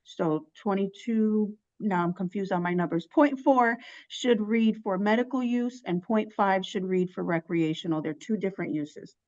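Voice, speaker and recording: A woman's voice: medium pitch, moderate pace, few pauses, darkish tone, dull audio. A woman at a city zoning meeting who patiently explains the difference between medical and recreational uses.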